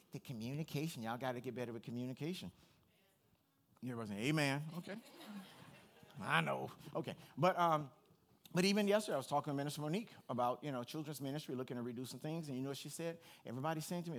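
A male pastor preaching a sermon, animated and talking straight to his congregation. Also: a little high. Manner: animated, addresses the congregation directly.

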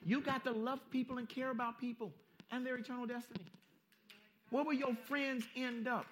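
A male pastor preaching a sermon, emphatic and folksy, repeating phrases and swinging between hushed and loud. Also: extremely high pitch, little pitch movement, moderate pace, a little hiss or hum. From Southern California. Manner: folksy street-style preaching.

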